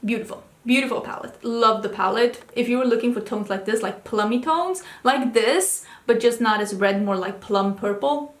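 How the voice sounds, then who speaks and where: A young adult woman talks to camera in a fairly high voice, chatty and excitable, asking herself question after question as she thinks aloud. Her voice rings in a roomy, echoey space. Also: moderate pace. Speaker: beauty vlogger. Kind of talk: casual chat, thinking aloud. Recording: roomy echo.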